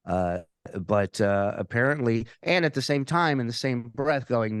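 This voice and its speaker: A man at a middle pitch tells a story in a casual, animated way, swearing freely and doubling back on his words. The mic is close and the sound is dry, with no echo. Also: measured pace, smooth. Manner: animated, profane, repeats words when restarting. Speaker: guest, comedian and podcaster.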